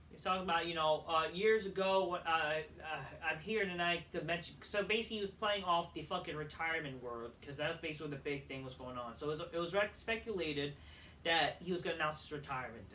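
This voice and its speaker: A man's voice: on the high side, fairly quick, sharp tone, far from the mic, slight background noise. A man reviewing a wrestling show in a heated, profanity-laden rant.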